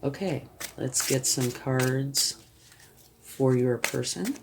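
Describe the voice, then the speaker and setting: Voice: medium pitch, takes it slowly, creaky, noisy background. A tarot reader giving a reading to the viewer, reassuring and often checking in, thinking aloud while turning cards.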